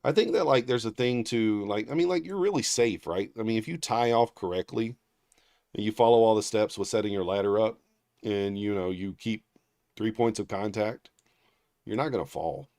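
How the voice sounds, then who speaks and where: A man's voice: lowish voice, normal speed, a little mellow, dry recording, clean studio sound. A man hosting a livestream, chatting casually with viewers, rambling through stories with lots of fillers and restarts and reading viewer names aloud. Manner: reads viewer names aloud and thanks them. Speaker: livestream trading host.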